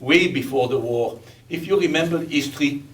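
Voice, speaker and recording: A man's voice: fairly high pitch, moderate pace. A man in his eighties with a Belgian accent, giving a chatty, joking speech to an audience as a veteran guest speaker, stressing his points by repeating them. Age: 80s. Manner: chatty and joking, with emphatic repetition. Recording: distant mic with faint background noise.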